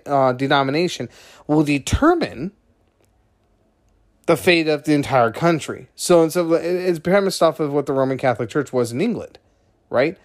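Rambling man, slightly high voice. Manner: rambling, conversational, often digressing. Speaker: podcast host. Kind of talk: casual monologue.

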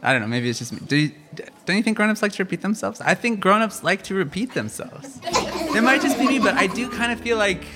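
A man doing a kids' stand-up comedy set in a rambling, halting, self-deprecating way. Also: sits high, expressive, pushed and bright.

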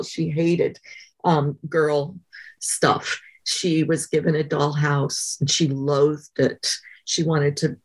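A woman biographer being interviewed, telling anecdotes conversationally with thoughtful pauses and frequent fillers. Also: low-pitched, husky, low-quality recording. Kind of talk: conversational storytelling.

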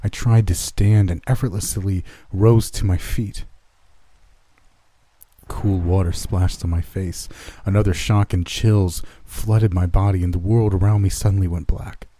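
A man narrating a horror story in a measured, dramatic way. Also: low voice, fairly even intonation, warm tone, dry recording.

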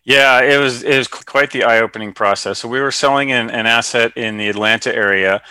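Bright-voiced male guest explaining plainly. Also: mid-range voice, fairly quick, clean tone, no echo. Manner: explains with analogies, many fillers. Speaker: guest, real estate investor. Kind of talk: conversational interview.

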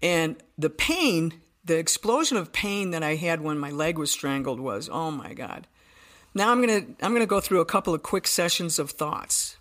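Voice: mid-range voice, animated, moderate pace, few pauses, a bit bright. A podcast guest telling a personal story in earnest detail, often restarting sentences.

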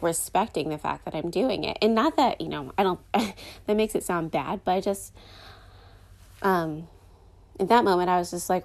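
Young woman podcast host, low voice, vocal fry, rambling casual chat. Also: darkish tone. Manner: rambling, chatty, heavy on fillers.

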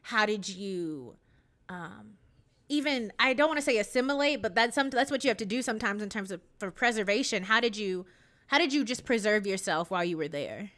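A woman's voice: medium pitch, expressive, fairly quick, fairly bright tone. A woman from Ohio interviewing a guest in a chatty, conversational way with casual asides. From Cleveland, Ohio, US.

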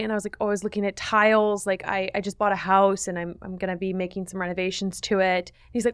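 A woman's voice: medium pitch, little pitch movement, fast talker, hardly any pauses, smooth, no room sound, clean studio sound. A woman hosting a podcast, telling a dating story in casual chat and acting out the lines she quotes. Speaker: podcast host.

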